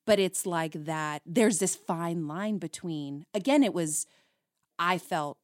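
Animated woman telling a story. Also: lowish voice, slow pace, no room sound, studio quality. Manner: animated storyteller acting out both sides of arguments. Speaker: podcast co-host. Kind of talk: casual chat about relationships.

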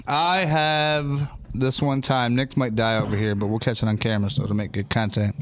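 A man with an ordinary middle-pitched voice, chatting loosely on a livestream. He rambles through stories with plenty of swearing and an easygoing, unhurried delivery. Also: flat delivery, noisy background. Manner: rambling, profane, laid-back. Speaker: co-host of a livestream show. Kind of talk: casual chat, storytelling.

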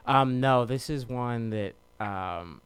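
A man co-hosting a podcast in casual chat, giving easygoing, measured opinions. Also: mid-range voice, slight background noise. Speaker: podcast co-host.

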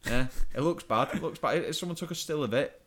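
A man's voice: on the high side, brisk, fairly bright tone. A young man co-hosting a podcast, ranting in exasperation and stumbling over repeated words. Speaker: podcast co-host. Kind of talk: casual comedic rant.

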